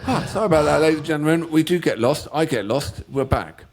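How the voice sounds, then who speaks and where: A man's voice: fairly high pitch, expressive, fast, a little hiss or hum. A middle-aged man chatting casually as co-host, rambling and stumbling over his words with a joking manner. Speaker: co-host of a music reaction channel. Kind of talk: casual chat.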